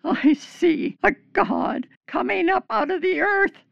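Shrill fearful village medium, high and gravelly, slow, dry. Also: female voice, expressive, a bit bright, no echo, lo-fi sound, full character voice. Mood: frightened. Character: frightened female village medium, scolding. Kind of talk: audio drama acting.

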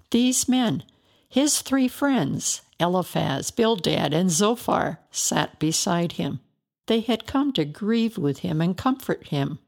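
A woman narrates a story in a slow, measured, deliberate reading. Her voice has a gravelly fry to it, and she takes her time over every phrase. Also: lowish voice.

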